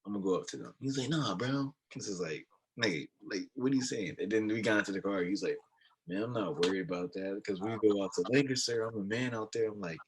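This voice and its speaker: A young man co-hosting a podcast, telling stories in a low-key casual chat with a quiet voice. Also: quick pace, slight background noise. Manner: low-key, storytelling with laughs. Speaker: podcast co-host.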